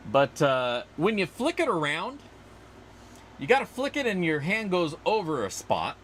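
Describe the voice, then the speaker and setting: A man's voice: fairly high pitch, huge pitch swings, unhurried, fairly bright tone, slight background noise. A man hosting a casual livestream outdoors, rambling and chatty as he answers viewer comments. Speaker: livestream host.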